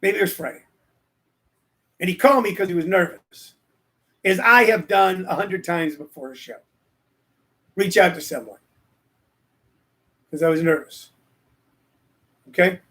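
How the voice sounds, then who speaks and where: A high-voiced man in his sixties hosts a casual livestream, speaking at a measured pace with long pauses in a pushed, bright tone. He's a stand-up comedian who rambles, jokes, and drifts off topic between plugs and stories.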